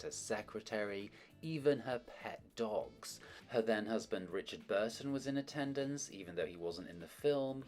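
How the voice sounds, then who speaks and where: Brief: low-pitched male host, scripted narration, wry asides. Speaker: host of a film history channel.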